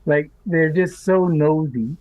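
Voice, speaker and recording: A man's voice: a little high, takes it slowly, a little mellow. A man, a podcast guest, talking emphatically and indignantly with rhetorical questions in a casual discussion. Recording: tinny phone-like remote call line.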